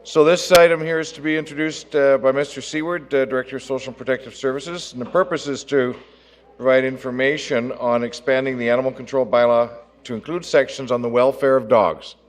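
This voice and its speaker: Mayor running council business, mid-pitched, formal and polite. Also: male voice. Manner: formal and courteous, calls votes and items. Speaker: mayor chairing a council meeting. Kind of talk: procedural chairing of a meeting. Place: city council chamber.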